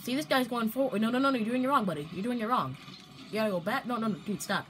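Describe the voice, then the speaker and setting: Young woman gaming commentator, fairly high voice, playful, loud bursts. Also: quick pace, slight background noise, low-quality recording. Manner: playful, loud outbursts, repeats "no, no, no". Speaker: gameplay commentator.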